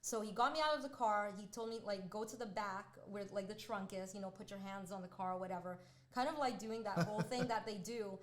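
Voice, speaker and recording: A woman in her thirties, a podcast co-host, telling a story in a chatty, animated way, full of "like" fillers. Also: medium pitch, a little fast. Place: restaurant.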